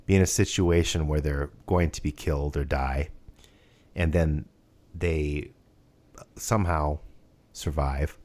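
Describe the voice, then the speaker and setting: A man with a very low voice chats casually as a podcast co-host. He rambles along, restarting sentences and filling gaps with ums and uhs. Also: fairly even intonation, slow pace, long pauses, darkish tone. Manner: rambling, hesitant, many restarts and fillers. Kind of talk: casual chat.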